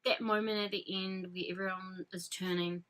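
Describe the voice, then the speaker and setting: A woman's voice: medium pitch, level tone, moderate pace, a bit bright, low-quality recording. A woman vlogger chatting casually and effusively as a fan, rambling with frequent fillers and restarts. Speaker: fan vlogger reviewing a film. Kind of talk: casual chat.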